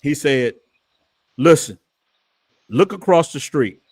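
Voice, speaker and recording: Animated New man telling stories. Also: mid-range voice, normal speed, no room sound. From New Orleans, Louisiana. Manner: animated storytelling, voice rising when quoting his father. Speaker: channel host. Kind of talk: casual storytelling chat.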